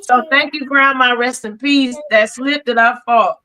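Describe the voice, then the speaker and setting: Bright-voiced woman telling lively stories. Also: on the high side, measured pace, low-quality recording. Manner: animated storyteller, laughs through her stories. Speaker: podcast guest, singer. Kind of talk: casual chat.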